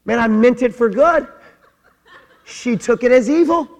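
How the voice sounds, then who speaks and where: High-voiced pastor preaching in a hall. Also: male voice, measured pace. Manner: conversational preaching with acted-out quotes. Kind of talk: sermon.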